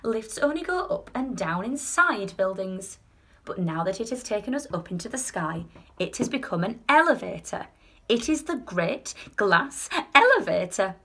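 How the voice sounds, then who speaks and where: A whimsical, flamboyant chocolate maker, voiced by a woman reading aloud. He talks in grand exclamations, bright and raised in pitch. Pure storybook showmanship. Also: sing-song, moderate pace. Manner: theatrical and exclaiming. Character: eccentric male chocolate maker, quick, showy, whimsical.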